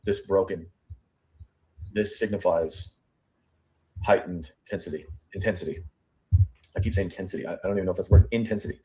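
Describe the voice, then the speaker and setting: A man's voice: low voice, mellow. A man hosting a true crime show, analyzing an interview statement line by line, thinking aloud and repeating phrases as he goes. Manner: thinking aloud, repeats and restarts phrases, pace shifting between slow and rushed. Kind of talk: statement analysis commentary, reading quotes aloud.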